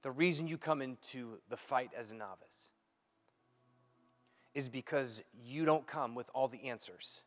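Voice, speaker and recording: A pastor preaching a sermon, acting out quoted dialogue and swinging between loud and hushed delivery. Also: male voice, medium pitch, a little slow, faint music behind. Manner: animated, acts out quoted dialogue. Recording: long hall reverb.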